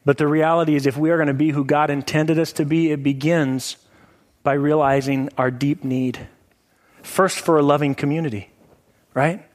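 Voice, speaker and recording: A middle-aged male pastor preaching a sermon in a conversational way, often saying "like" and "right?" to his listeners. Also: medium pitch.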